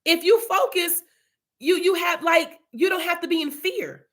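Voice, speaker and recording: A woman's voice: very high voice, a little slow, a bit bright. A young woman leading an informal Bible study, chatty and casual, telling personal testimony.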